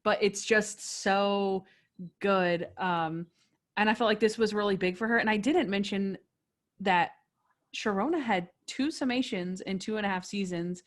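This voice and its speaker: A woman's voice: mid-range voice, measured pace. A woman hosting a podcast, chatting enthusiastically and acting out quoted lines. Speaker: podcast host. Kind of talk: casual podcast chat.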